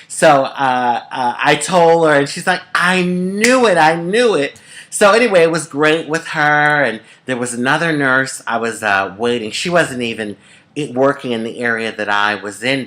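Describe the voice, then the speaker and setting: A middle-aged woman from the United States telling a personal story to camera in a chatty, expressive way, often calling the listener honey. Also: very deep voice. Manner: chatty and expressive, calls viewers honey, swoops up for emphasis. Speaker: vlogger.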